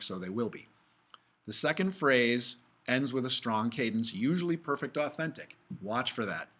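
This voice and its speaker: A man's voice: mid-range voice, a bit bright. Casual male music theory lecturer. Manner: casual, talks through slides, hums and sings examples. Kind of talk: recorded video lecture.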